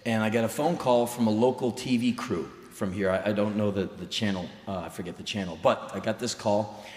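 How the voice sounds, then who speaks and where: A man's voice: fairly low pitch, brisk. A middle-aged man telling a true story in a blunt, intense, profane way as a live spoken word performance. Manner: intense, blunt and profane, bursts into loud shouts. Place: live stage in a large hall. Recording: roomy hall reverb from live stage.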